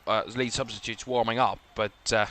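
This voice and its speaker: A man's voice: fairly low pitch, steady tone, normal speed, pushed and bright. A man with a Northern Irish accent from Belfast, hosting live watchalong commentary in a rambling way, full of fillers. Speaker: host.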